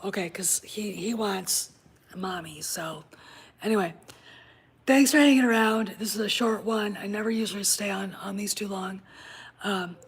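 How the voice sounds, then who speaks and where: A woman's voice: mid-range voice, moderate pace, breathy edge. A woman hosting a casual vlog, speaking bluntly with profanity and conspiratorial asides, at home. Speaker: channel host. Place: home with a puppy nearby.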